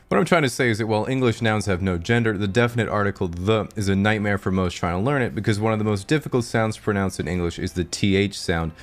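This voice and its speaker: A man with a Pacific Northwest American accent giving scripted comedic narration in a dry, deadpan, sarcastic way. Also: on the low side, fast talker, hardly any pauses, soft background music.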